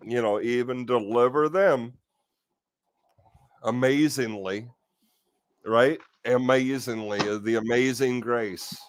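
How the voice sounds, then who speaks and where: Exasperated and ranting, this live talk-stream host tosses out rhetorical questions and now and then a swear word. His voice is medium-pitched, with no echo.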